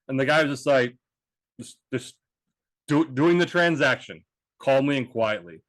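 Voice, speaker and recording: A man's voice: medium pitch, moderate pace, a bit bright, dry recording. A man co-hosting a podcast, telling a story in a rambling, casual way with restarts and swearing. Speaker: podcast co-host. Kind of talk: casual chat.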